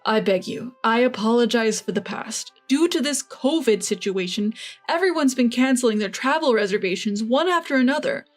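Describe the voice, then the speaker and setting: A woman voicing a blustering older father-in-law, pleading in a measured read. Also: fairly high pitch, expressive, soft background music, close to an everyday voice.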